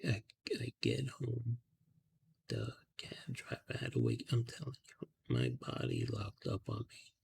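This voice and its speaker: A man softly telling a rambling story in a half-whispered ASMR style, talking casually with slang and fillers, outdoors at night on a close mic. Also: fairly low pitch, vocal fry, a little hiss or hum. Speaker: ASMR channel host. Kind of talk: ASMR storytelling while coloring.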